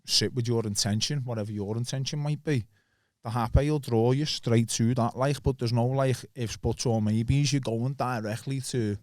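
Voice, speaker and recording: A man, a podcast guest, explaining at length in a calm, casual way with many restarts. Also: medium pitch, normal speed, no echo, studio quality. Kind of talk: casual chat.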